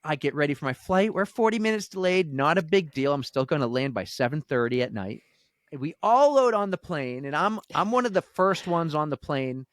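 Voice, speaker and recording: A man with a slightly high voice tells a long story in an easy podcast chat. He brings the tale to life by acting out the voices of the people in it. The sound is dry and close, with no room around him. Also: brisk, no echo. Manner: animated storyteller, acts out quoted voices. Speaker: podcast co-host.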